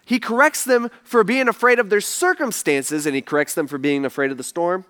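A man's voice: sits high, a little fast, a bit bright. A male pastor preaching a sermon in a conversational, storytelling way, often turning to ask the congregation questions.

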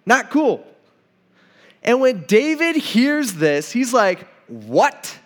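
High-voiced man preaching casually. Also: very animated, takes it slowly. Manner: conversational, acts out dialogue, many restarts. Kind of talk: casual sermon storytelling.

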